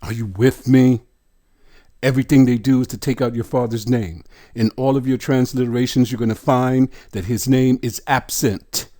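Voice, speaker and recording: A man teaching scripture line by line, deliberate and insistent, sounding out words syllable by syllable and asking rhetorical questions. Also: medium pitch, fairly even intonation, warm tone. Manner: earnest and insistent. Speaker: bible teacher.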